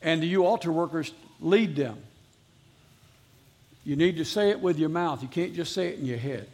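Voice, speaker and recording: A man's voice: on the high side, moderate pace, a little mellow. A man preaching a sermon as pastor to a live congregation, earnestly repeating his exhortations.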